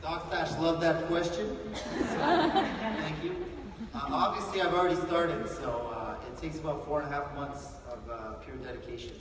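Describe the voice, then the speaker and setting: High lively man joking in echoing hall. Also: moderate pace, over a noisy crowd, very noisy. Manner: joking, laughs often. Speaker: actor on a fan convention panel. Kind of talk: playful panel banter. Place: large convention hall with crowd. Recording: echoey hall recorded from far in the audience.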